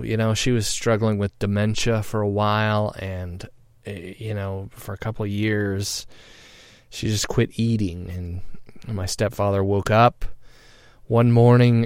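A middle-aged man telling a personal story in a halting, reflective way, pausing often and getting loud at tense points. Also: fairly low pitch, clear, resonant tone, no echo, studio quality. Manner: halting, reflective, with many pauses and fillers; grows loud and excited when recounting tense moments.

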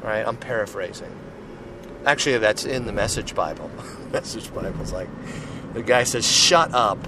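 A man's voice: on the low side, normal speed. Earnest man preaching over street noise. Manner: earnest and rambling, many restarts and "right?", "you know". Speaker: Christian speaker sharing testimony. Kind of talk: informal preaching with personal testimony. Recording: noisy street with passing cars.

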